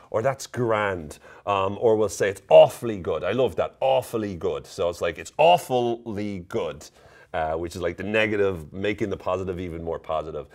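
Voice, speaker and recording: Low-voiced Irish man, playful explainer. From Ireland. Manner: playful, jokey, laughs at himself. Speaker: presenter explaining Irish slang. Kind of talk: casual to-camera explainer.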